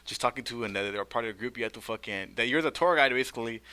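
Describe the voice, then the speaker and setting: A young man tells stories fast on a casual podcast, full of slang and swearing. His voice is bright and edgy, and he shouts mocking quotes of other people. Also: medium pitch, smooth. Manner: profane slangy storytelling with loud mocking quotes. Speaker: podcast co-host. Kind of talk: casual storytelling chat.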